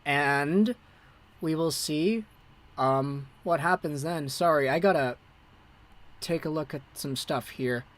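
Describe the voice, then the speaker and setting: An amateur livestream host calling a hockey game play by play, excitable and breathless. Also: medium pitch, slow pace, pauses often.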